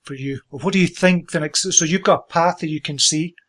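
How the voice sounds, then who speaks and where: A man's voice: fairly high pitch, fairly bright tone. A man hosting an interview, enthusiastic and encouraging as he asks his guest questions. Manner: enthusiastic, encouraging, quick to praise. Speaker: interview host. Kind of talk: conversational interview.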